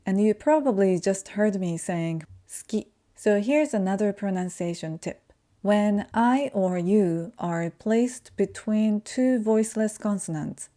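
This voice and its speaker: Mellow-voiced woman teaching pronunciation. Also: mid-range voice. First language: Japanese. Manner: slow, careful demonstration of sounds. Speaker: language teacher. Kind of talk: pronunciation lesson.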